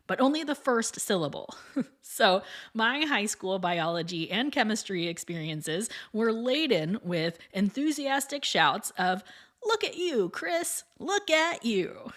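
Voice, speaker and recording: A woman's voice: medium pitch, a bit bright. A woman hosting her own podcast in a scripted monologue, chatty and upbeat, with frequent light laughs. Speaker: podcast host and piano teacher.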